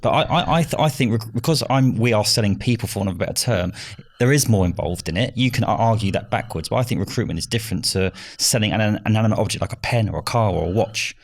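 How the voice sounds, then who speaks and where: Male podcast host; low voice, eager and agreeable. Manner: eager, with frequent quick agreement. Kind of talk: podcast interview.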